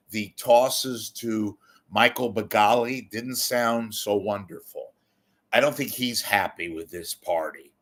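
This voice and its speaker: A man's voice: fairly low pitch, a bit bright. Exasperated, sarcastic male commentator. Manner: exasperated, sarcastic, blunt, profane. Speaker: media commentator. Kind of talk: ranting commentary.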